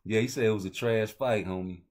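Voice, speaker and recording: A man's voice: on the low side, brisk, darkish tone. A man hosting a casual boxing talk show, rambling in loose street slang. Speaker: host.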